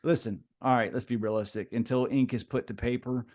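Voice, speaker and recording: A man's voice: medium pitch, fairly even intonation, brisk, a little mellow, dry recording. A middle-aged man from the United States, a podcast host appearing as a guest, chatting casually with frequent stammers and jokes. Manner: stammering, laid-back, joking.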